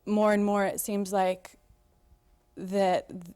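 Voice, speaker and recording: A woman's voice: mid-range voice, little pitch movement, slow, a little mellow, clear, resonant tone, no room sound. A woman in the audience asking a thoughtful, slightly hesitant question. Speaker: audience member.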